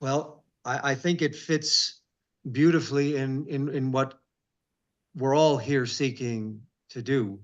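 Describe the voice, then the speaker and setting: A man speaking as a rabbi in a devotional interview, reading verses in a slow, emphatic way and then breaking off with quick, earnest asides. His voice sits in an ordinary middle pitch. The audio is slightly muffled and dull. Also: fairly even intonation. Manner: reads scripture slowly and emphatically, breaks off with asides.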